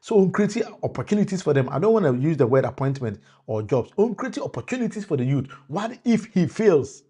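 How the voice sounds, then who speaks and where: A man's voice: a little high, big pitch swings, a little fast, dark tone, breathy edge. Ghanaian man mixing Twi and English. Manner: mixes Twi and English, repeats and restarts, addresses viewers by name. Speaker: political commentator. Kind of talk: live-stream political talk.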